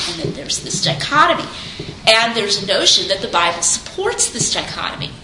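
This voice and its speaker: A woman giving an informal lecture on Christian apologetics, speaking conversationally and animatedly and acting out quoted speakers. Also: medium pitch. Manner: conversational, animated, quotes others in little voices. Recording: echoey room, faint background noise.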